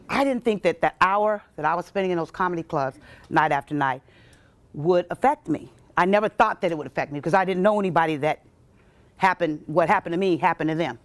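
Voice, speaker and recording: A woman comedian performing a stand-up set at a college event, talking straight to the crowd and switching into quoted voices. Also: fairly quick. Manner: animated, jumps into quoted voices with sharp pitch leaps; banters directly with audience members. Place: college event stage before a live audience.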